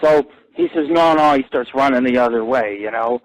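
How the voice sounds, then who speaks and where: A man hosting his own internet radio show, telling boastful, profane stories in a rambling live monologue that climbs higher and louder when he gets excited. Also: brisk, no echo, rough recording.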